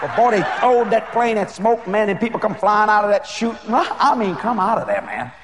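A male preacher telling a story during a sermon, animated and often laughing as he goes. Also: sits high, normal speed, noisy background.

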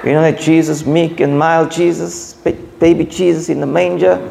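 A man's voice: on the high side, little pitch movement, moderate pace, creaky, mellow, a little hiss or hum. A man preaching a sermon, emphatic and repetitive, with joking asides.

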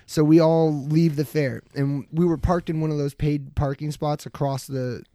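A man hosts a casual podcast chat, spinning a rowdy story packed with swearing. He acts out what others said as he goes. His voice sits a bit high, and the sound is dry and close. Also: moderate pace, dry recording. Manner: swearing, animated storyteller acting out quotes. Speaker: podcast host.

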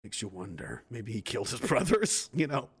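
A man's voice: medium pitch, huge pitch swings, normal speed, slightly rough. A man streaming live, reading viewer comments and ranting in a rambling, profane way while laughing at his own jokes.

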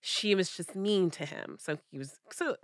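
A woman's voice: moderate pace, no echo, studio quality. A woman co-hosting a podcast, telling a dating story in casual chat and acting out what people said with big jumps in her voice. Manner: animated, acts out quotes with big pitch jumps. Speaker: podcast co-host.

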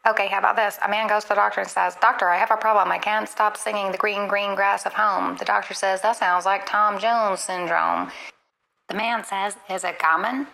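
A woman's voice playing an earnest, literal chatbot assistant in a comedy skit, polite and quick to apologize. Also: mid-range voice, steady tone, gravelly, pushed and bright, low-quality recording.

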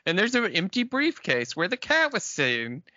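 Animated, bright-voiced man joking about a film. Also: high voice, normal speed, no echo, lo-fi sound. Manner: lively, jokes and acts out lines with laughs. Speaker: podcast co-host. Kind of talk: casual movie recap chat.

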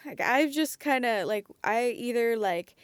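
A chatty woman podcast host with a fairly high voice, rambling through fillers and false starts. The sound is dry and close, with no room around it. She talks like she's among friends. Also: lively intonation, measured pace, clear, resonant tone, dry recording. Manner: chatty, frequent fillers and restarts, laughs easily. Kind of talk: casual chat.

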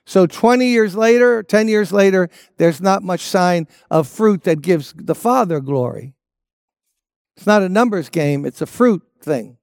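A man's voice: sits high, animated, a little slow, gravelly, darkish tone, no echo, clean studio sound. A man preaching a sermon as a pastor, emphatic and repeating his key phrases.

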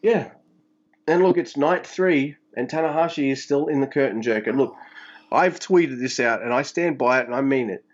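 A man co-hosting a casual podcast, talking fast and animated with plenty of swearing. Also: mid-range voice, dull audio. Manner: animated, swearing, mock-voices for quotes. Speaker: podcast co-host. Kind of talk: casual wrestling chat.

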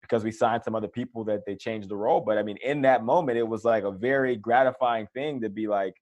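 In a conversational interview, an ex-NFL-style pro football player, low-voiced and fast-talking, relaxedly retells his career. He animates the story by acting out the voices he quotes.

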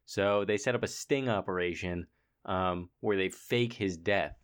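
A man's voice: low voice, measured pace, smooth. Laid-back joking man on a podcast. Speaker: podcast co-host. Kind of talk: casual movie review chat.

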